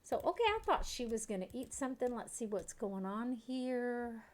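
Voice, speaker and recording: A woman's voice: a little high, expressive, normal speed, darkish tone. Giggly woman streaming games. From Kentucky, USA. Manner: chatty, giggly, talks to her chat. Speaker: game streamer. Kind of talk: casual chat while streaming a life-sim game.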